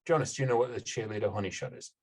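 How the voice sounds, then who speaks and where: A man's voice: fairly low pitch, rapid-fire. A man hosting a casual film-review podcast, explaining with hedges and fillers. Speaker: podcast host.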